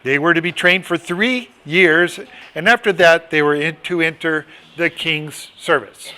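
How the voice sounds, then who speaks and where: Bright-voiced man leading a chatty Bible study. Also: fairly high pitch, unhurried, clear, resonant tone. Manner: chatty, rambling, with asides and restarts. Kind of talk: casual Bible study teaching.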